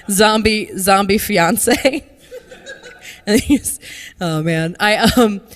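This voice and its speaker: A woman's voice: mid-range voice, drawn-out words, in a large hall. A woman doing stand-up on a live stage, joking darkly about death and riffing with the crowd. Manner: dark, morbid humor with playful crowd work. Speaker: stand-up comedian. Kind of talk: stand-up set. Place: live comedy stage before an audience.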